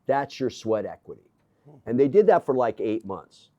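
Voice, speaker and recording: A man's voice: medium pitch, normal speed. Older man telling blunt stories, muffled sound. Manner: animated anecdotes with quoted dialogue, blunt and profane. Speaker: gym owner, interview guest. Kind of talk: casual storytelling. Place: gym office.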